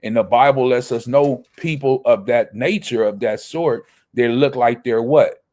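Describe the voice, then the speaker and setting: A man's voice: mid-range voice, a little slow, a little mellow. A man teaching a Bible study. He reads verses aloud, then explains them, and often asks a question and answers it himself.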